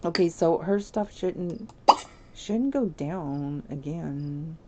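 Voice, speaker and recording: A woman streaming a life-sim game, chatty and giggly, talking straight to her viewers, over steady background noise. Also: deep voice, slow. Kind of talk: casual gameplay commentary.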